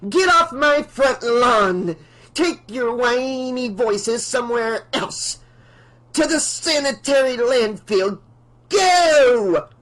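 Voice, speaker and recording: A man voicing a spiteful, shrill old woman landlord who shrieks and scorns in a storybook reading. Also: animated, unhurried, low-quality recording. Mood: shrieking.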